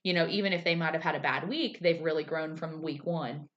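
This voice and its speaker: Animated woman podcaster, lower voice. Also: fairly quick. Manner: animated storyteller, acts out quotes in a raised voice. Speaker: podcast co-host. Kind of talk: casual chat recapping a TV episode. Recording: slightly dull lo-fi sound.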